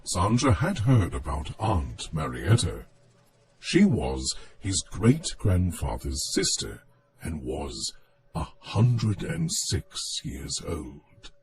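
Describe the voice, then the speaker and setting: Deep, slow male storyteller. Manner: measured, expressive storytelling. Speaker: narrator. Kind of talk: storybook reading.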